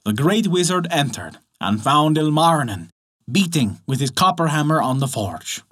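A man narrating a folktale for a storytelling podcast, measured and dramatic. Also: a little high. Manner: expressive, measured, dramatic pauses.

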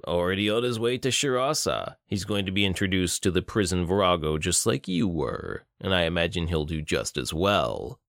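A male audiobook narrator voicing a menacing, cruel male villain who taunts slowly. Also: deep voice, lively intonation, vocal fry, a bit bright, no room sound, clean studio sound, full character voice. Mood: taunting.

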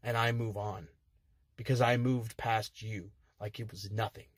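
A man's voice: lowish voice, steady tone, measured pace, no echo, clean studio sound. A man cutting an aggressive, profane wrestling trash-talk promo from inside a car, sounding heated.

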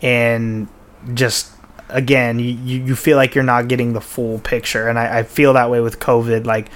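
A man's voice: mid-range voice, flat delivery, moderate pace. A man hosting a podcast in casual chat, talking in a rambling, profane way full of restarts and fillers. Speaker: podcast host.

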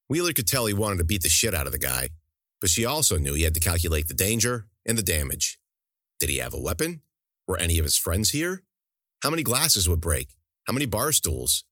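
Low-voiced man narrating with animated pitch. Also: no room sound, clean studio sound. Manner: expressive storytelling. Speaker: author narrating his own serial. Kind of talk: scripted narration.

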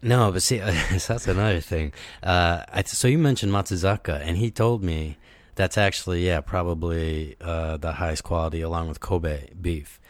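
A man with a very low voice chats casually as a podcast co-host. He rambles, leans on fillers, and laughs often. The recording is dry and close, with no room sound. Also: normal speed, no room sound.

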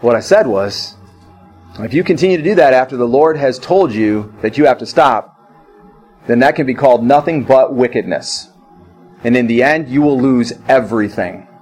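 A man's voice: medium pitch, lively intonation, moderate pace, a little mellow, breathy edge, soft background music, rough recording. A middle-aged male pastor preaching a sermon, repeating phrases and telling personal stories.

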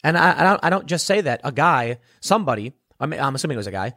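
A man's voice: on the high side, sing-song, quick pace, sharp tone, dry recording, studio quality. A young adult man delivering a blunt, sarcastic solo commentary segment, scornful and ranting. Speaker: political commentator.

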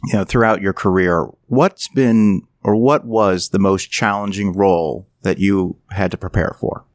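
A man's voice: deep voice, a little slow, dry recording, clean studio sound. A man hosting a podcast, asking an interview question and giving brief acknowledgments. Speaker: podcast host.

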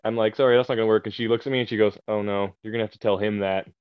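Heard over a remote call on a podcast, a man tells a long story in a laid-back way, swearing and amused at himself. His voice is fairly low and fairly even in intonation, and he talks very fast and smoothly; the audio is dull with no echo.

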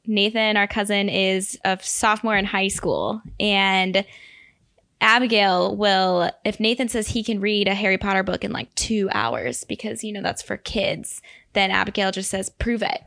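A woman's voice: medium pitch, normal speed, vocal fry, a bit bright. A young woman chatting casually with family in a wry, matter-of-fact way.

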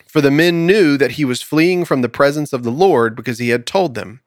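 Male co-host, lively Bible storyteller, dry close sound. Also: medium pitch, normal speed, hardly any pauses, no echo. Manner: animated storyteller, acts out voices in quotes with laughs. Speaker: podcast co-host teaching scripture. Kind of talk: conversational Bible study, reading scripture aloud.

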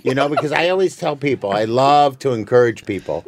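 A man's voice: medium pitch, a little fast. A man, a comedian, telling a story in a casual chat and acting out the dialogue. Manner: animated, acts out dialogue in the story.

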